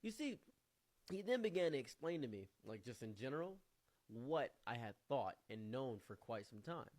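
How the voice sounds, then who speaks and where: A man with a Midwestern accent telling an anecdote in a chatty, animated way and acting out the people in it. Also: medium pitch, normal speed. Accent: Midwestern American. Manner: chatty, animated storyteller who acts out the people he quotes. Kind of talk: storytelling to camera.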